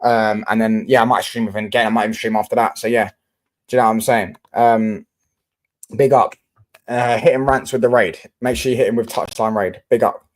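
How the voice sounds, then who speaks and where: A man's voice: lowish voice, fairly even intonation, a little fast. A young man from London with a London accent, hosting a casual football livestream and answering his chat in slangy, swearing talk.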